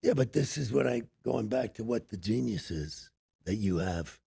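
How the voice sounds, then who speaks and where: A middle-aged man, an actor, chatting as a podcast guest in an emphatic, affirming way with a gravelly voice. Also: lowish voice, expressive, mellow, no echo, clean studio sound. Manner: emphatic and affirming, lots of quick agreement. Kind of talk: casual interview chat.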